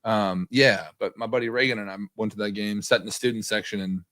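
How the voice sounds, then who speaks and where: Low-voiced man in a dry room. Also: steady tone, fast talker, a bit bright, dry recording. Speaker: podcast co-host. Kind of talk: casual sports chat.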